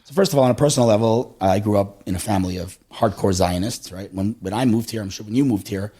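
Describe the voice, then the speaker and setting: Fast-talking husky-voiced man. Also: lowish voice. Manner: animated storyteller, fillers and quick restarts. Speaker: podcast guest. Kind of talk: conversational interview.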